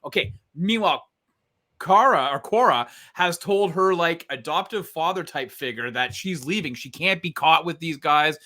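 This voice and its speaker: Man, casual chat, rambling retelling, fillers, slightly high, bright tone. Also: expressive, normal speed. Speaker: co-host reviewing a film.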